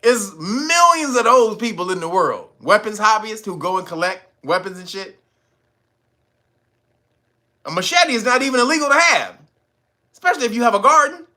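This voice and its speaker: A man's voice: high-pitched, lively intonation, moderate pace, pauses often, pushed and bright. A man doing incredulous, sarcastic commentary on a news story, laughing and swearing as he mocks the officials. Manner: mimics officials in sarcastic voices.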